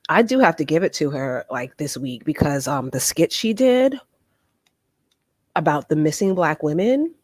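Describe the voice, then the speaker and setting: A woman's voice: low voice, dry recording, clean studio sound. A woman hosting a casual live stream, chatting to her viewers with lots of "um" and "like", a cough drop in her mouth. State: talking around a cough drop. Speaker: vlogger host.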